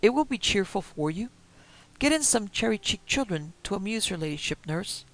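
A man's voice: sits high, expressive, moderate pace, fairly bright tone, voice pushed up, low-quality recording. A man putting on a hearty cheerful doctor. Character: cheerful, oblivious male doctor.

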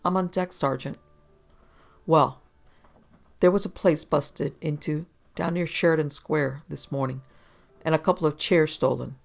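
A reader playing a cool, hard-faced police sergeant who talks bluntly and short, in a gravelly, fairly loud voice. A no-nonsense lawman from an old detective audiobook. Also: medium pitch, fairly even intonation, unhurried, pauses often. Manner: blunt, clipped. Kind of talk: audiobook reading.

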